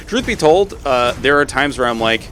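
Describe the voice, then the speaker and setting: A man streaming a game, chatting casually with friends while he plays, swearing freely and easily excited. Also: mid-range voice, a little hiss or hum. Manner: profane, excitable, quick to swear and laugh. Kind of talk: casual gaming stream chat.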